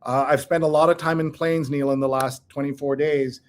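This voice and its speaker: A man's voice: a little high, flat delivery, moderate pace. Opinionated man chatting on a livestream. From India. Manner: opinionated, reads headlines aloud. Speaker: co-host. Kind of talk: casual chat.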